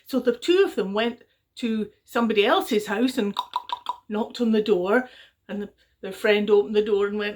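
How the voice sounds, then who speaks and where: Woman, middle-aged, children's storyteller, gentle, chatty, casual. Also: medium pitch. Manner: gentle, chatty, with fillers and quick voiced quotes.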